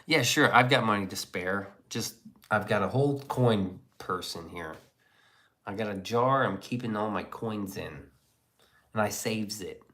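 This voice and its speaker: A man's voice: on the low side, unhurried, a bit bright. A man hosting a livestream, chatting casually, reading viewer comments and joking crudely. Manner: crude, joking, rambling banter. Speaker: livestream host.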